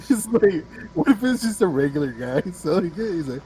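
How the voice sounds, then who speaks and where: A man's voice: sits high, dark tone, slight background noise, rough recording. A man co-hosting a casual podcast, laid-back and profane, laughing often. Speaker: podcast co-host.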